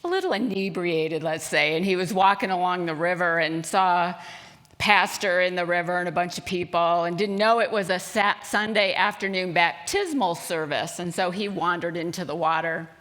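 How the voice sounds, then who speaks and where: A woman's voice: on the low side, normal speed, fairly bright tone. A woman minister giving a Sunday sermon in a spiritual center, talking conversationally with asides and a joke.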